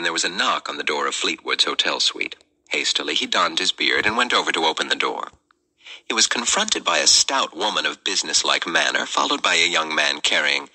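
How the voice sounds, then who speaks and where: A man, a podcast host, reading a novel chapter aloud in a measured storytelling delivery. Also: rumbling low, gravelly, pushed and bright.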